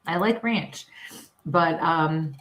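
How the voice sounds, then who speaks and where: Woman co-host, Western New York accent, lowish voice, chatty storyteller, echoey room. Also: very slow. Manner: chatty, laughing, animated storytelling. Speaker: co-host, psychic medium. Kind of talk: casual live-stream chat.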